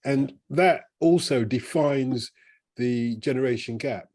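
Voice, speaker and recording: A man's voice: mid-range voice, slow pace, darkish tone. A man co-hosting a casual football chat podcast, reflective, working his way around each point. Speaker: podcast co-host.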